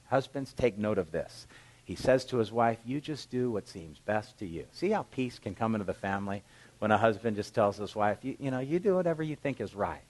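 A middle-aged man preaches a sermon in a somewhat low voice. He reads scripture aloud, then breaks it down in plain, conversational talk, like a pastor speaking to his church. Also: rough recording.

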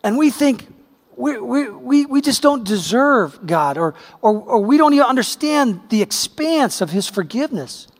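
A man's voice: extremely high pitch, big pitch swings, moderate pace, long reverb tail. A middle-aged man preaching a sermon, telling a personal story in a conversational way that builds to emphatic peaks. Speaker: pastor.

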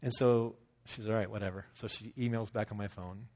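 A man's voice: on the low side, steady tone, fairly quick, darkish tone. A man in his thirties telling a personal story in a conversational sermon, acting out quotes as he goes. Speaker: pastor.

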